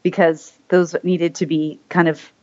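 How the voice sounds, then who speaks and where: A woman's voice: on the low side, little pitch movement, unhurried, mellow. A woman voice actor chatting as an interview guest, rambling with many fillers and restarts. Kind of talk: casual interview chat. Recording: slightly muffled lo-fi audio.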